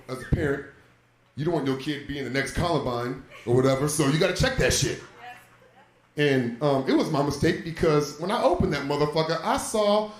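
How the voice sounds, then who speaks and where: A man in his thirties tells a profane stand-up story to a live crowd, his pitch leaping around as he acts out the scenes. His voice sits a little high for a man. The stage mic picks up a roomy club echo. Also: slight background noise. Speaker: stand-up comedian. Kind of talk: stand-up comedy set.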